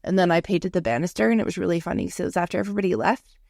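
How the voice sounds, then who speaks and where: A woman in her thirties tells stories in a loose, chatty podcast conversation, often quoting herself. Her voice has a gravelly edge. The sound is dry and close, with little room in it. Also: lowish voice, animated, rapid-fire, a little mellow, dry recording. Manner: chatty storyteller with quoted asides and laughs. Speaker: podcast co-host. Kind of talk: casual chat.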